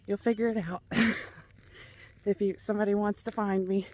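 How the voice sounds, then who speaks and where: A woman's voice: medium pitch, fairly even intonation, measured pace, darkish tone. A middle-aged woman with a Kentucky accent, out of breath as she chats casually with viewers while walking laps outdoors. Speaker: vlogger. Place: outdoors, walking around a neighborhood.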